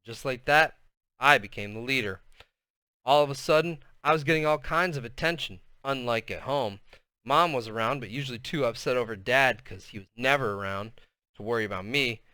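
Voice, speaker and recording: Man reading a novel aloud with casual asides, bright and crisp voice. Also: medium pitch, normal speed, dry recording. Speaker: reader.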